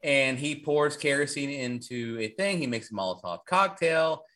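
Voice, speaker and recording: A man co-hosting a podcast, casually recapping a horror movie in a rambling, profane, animated way. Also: medium pitch, normal speed. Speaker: podcast co-host.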